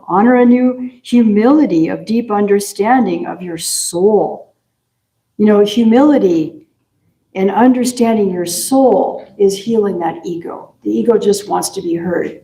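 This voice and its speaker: A woman's voice: medium pitch, a little slow, mellow, echoey room, poor audio. A woman minister giving a folksy, chatty sermon full of affirmations. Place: church sanctuary.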